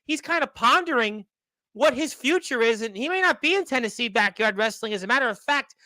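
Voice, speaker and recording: A man's voice: very high voice, lively intonation, brisk, pushed and bright, dry recording. A man hosting a wrestling radio show, chatty and rambling, laughing along with his guest. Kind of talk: casual sports radio chat.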